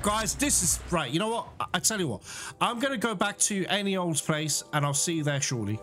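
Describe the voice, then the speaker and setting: A man's voice: sits high, big pitch swings, fairly quick. A man giving chatty let's-play commentary, laughing often and bursting out in exasperation at the game. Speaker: gaming YouTuber. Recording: game music playing behind the voice.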